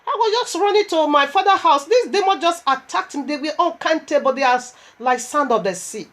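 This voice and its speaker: A tired, unwell woman preaches with an animated, emotional storyteller's flow. Her voice sits somewhat high for a woman. She swings between weary quiet and excited retelling. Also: brisk. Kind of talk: sermon.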